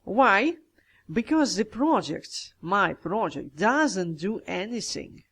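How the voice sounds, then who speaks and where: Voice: mid-range voice, sing-song, slow, a bit bright, husky. A grammar teacher explaining a lesson step by step, thinking aloud and addressing the viewers directly. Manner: methodical, talks through each step aloud, addresses viewers as guys.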